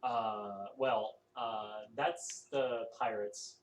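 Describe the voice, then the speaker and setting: A man narrating a tabletop game as game master, halting and full of fillers. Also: lowish voice, steady tone. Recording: echoey room, faint noise.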